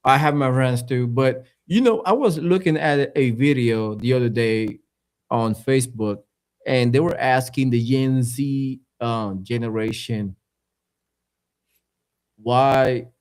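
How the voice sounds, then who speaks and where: A man co-hosting a casual political podcast, talking bluntly with halting restarts. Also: mid-range voice, a little mellow. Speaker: podcast co-host.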